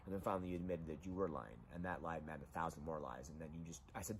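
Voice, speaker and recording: Racing with few pauses in a low voice, a middle-aged man rambles through an emotional confession, grief-stricken and repetitive after a breakup and a loss. His voice rises when he gets agitated, and there's slight hiss or hum.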